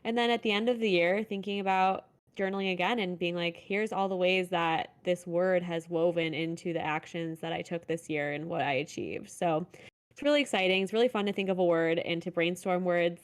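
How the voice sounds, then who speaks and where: A woman's voice: on the low side, fairly even intonation, brisk, smooth. A woman co-hosting a podcast, giving earnest, encouraging advice in a casual chat. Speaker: podcast co-host.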